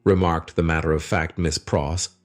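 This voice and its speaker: A man narrating a classic novel as an audiobook in a measured storytelling manner. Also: very deep voice, flat delivery, soft background music. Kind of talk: scripted narration.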